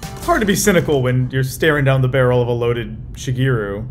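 A man's voice: mid-range voice, lively intonation, a little fast, soft background music. A young man hosting a casual reaction video, rambling wryly and restarting his sentences, recorded in a hotel room. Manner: rambling and wry, with lots of restarts. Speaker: YouTube reaction host. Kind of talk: casual chat.

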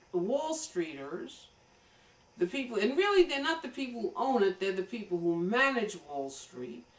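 An American woman giving an emphatic political commentary monologue, lecturing and addressing her viewers directly. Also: fairly high pitch. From United States. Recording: roomy echo, voice from a distance.

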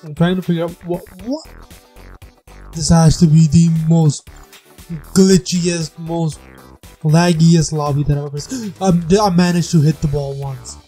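A gamer giving casual gameplay commentary, self-mocking and laughing, squealing high when surprised and scatting beatbox sounds. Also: fairly even intonation, a little slow, mellow, slightly rough, soft background music. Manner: scats beatbox sounds along with the game. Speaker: gamer and channel host.

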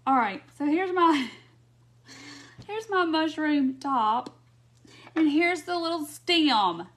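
A woman's voice: high-pitched, animated, slow, fairly bright tone. Giggly woman hosting a craft livestream. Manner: giggly, laughing often while chatting to viewers. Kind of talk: casual craft demo livestream. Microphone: phone or webcam on a live stream.

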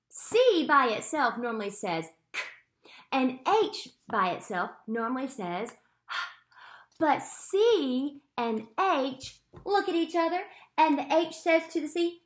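Woman teacher, high voice, playful and slow, drawing out phonics sounds for small kids; recorded in an echoey room. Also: sing-song. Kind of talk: phonics lesson for young children.

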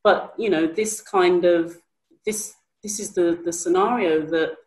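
A woman moderating a panel discussion, speaking in a measured way with frequent fillers. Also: on the low side, roomy sound, poor audio.

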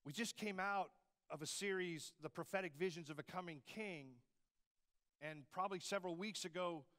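A man's voice: sits high, moderate pace, a bit bright. A man preaching a sermon as campus pastor, in a conversational style with frequent rhetorical asides to the congregation.

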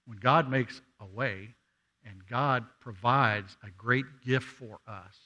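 A man's voice: medium pitch, slow pace, sharp tone. A man preaching a sermon in a church, talking conversationally and asking the congregation questions. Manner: acts out voices of people in the story. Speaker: guest preacher. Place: church sanctuary.

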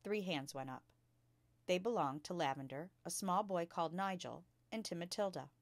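A woman reading a children's book aloud as a storyteller, narrating calmly and clearly. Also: fairly low pitch, normal speed, no room sound.

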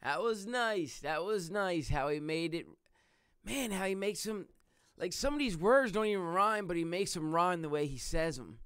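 A man hosting a reaction video, rambling and excitable, swearing often. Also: sits high, moderate pace, smooth, dry recording, clean studio sound. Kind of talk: casual reaction commentary.

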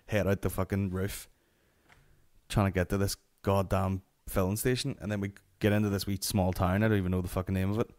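Northern Irish male comic host, lowish voice, rambling sweary storyteller. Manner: sweary, rambling anecdotal delivery. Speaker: podcast host. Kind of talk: solo comedy podcast storytelling.

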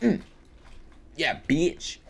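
A man giving live gameplay commentary for his video, excitable and full of profane trash talk. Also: a little high, extremely slow, creaky. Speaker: gaming video creator.

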